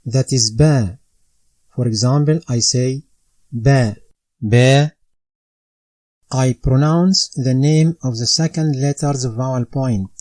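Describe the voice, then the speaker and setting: A Quran recitation teacher walks learners through a lesson step by step, slow and careful, saying each drill sound twice so it sticks. His mid-range voice is mellow and warm, recorded close and dry without echo, though the audio quality is poor.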